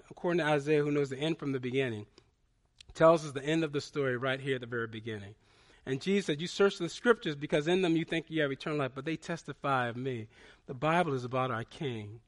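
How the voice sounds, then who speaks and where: A man preaching a sermon, moving from quiet, low explanation to loud, fervent climaxes, often restarting words mid-sentence. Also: brisk. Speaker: pastor.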